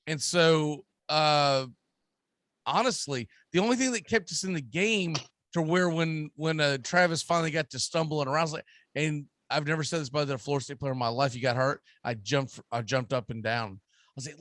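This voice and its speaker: A man's voice: fairly high pitch, brisk, fairly bright tone, no echo. A man with a Southern US accent, hosting a sports radio show and ranting emphatically about football. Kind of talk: casual sports talk.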